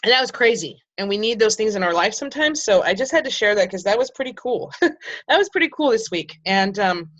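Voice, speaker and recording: A woman's voice: mid-range voice, animated, fairly quick, muffled recording. A middle-aged woman leading her sales team on a video call, talking candidly and rambling, with lots of restarts and ums. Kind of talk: casual motivational video call.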